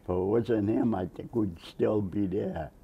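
A man's voice: fairly low pitch, unhurried, creaky, slightly rough, lo-fi sound. A man in his nineties, a Navy veteran, telling a long rambling story in an oral history interview, chuckling and acting out the quotes. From Massachusetts, USA. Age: 90s.

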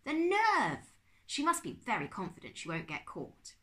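An excitable middle-aged uncle, put on by a woman reading a storybook aloud, fussy and quick to exclaim. His voice swings widely up and down as he lectures and frets. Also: low voice, full character voice. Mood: explaining. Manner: exclaiming, spluttering.

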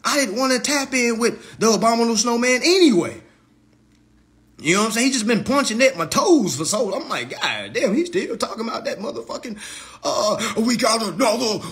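A man's voice: extremely high pitch, expressive, fairly quick, fairly bright tone. A man, hosting a live stream and delivering a heated, mocking roast full of swearing and repeated jabs. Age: 30s.

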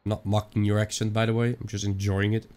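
A young Dutch-accented man talks his way through a game, rambling from one aside to the next. He swears casually. His voice sits a little low. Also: little pitch movement, a little fast, darkish tone, clear, resonant tone. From Netherlands. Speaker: gaming channel host. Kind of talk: let's-play commentary.

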